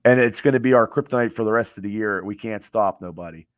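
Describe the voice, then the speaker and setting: A man's voice: lowish voice, fast, no echo, clean studio sound. A man hosting a fan stream from home, ranting in frustration about a lost game, stammering and cursing as he reads viewers' comments. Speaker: fan show host. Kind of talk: late-night live stream rant.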